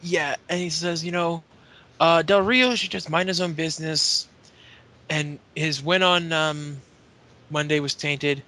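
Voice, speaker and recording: A man's voice: on the high side, fairly even intonation, measured pace, sharp tone. A man co-hosting a podcast, recapping a show in casual chat with lots of fillers and restarts. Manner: rambling recap full of fillers. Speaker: podcast co-host.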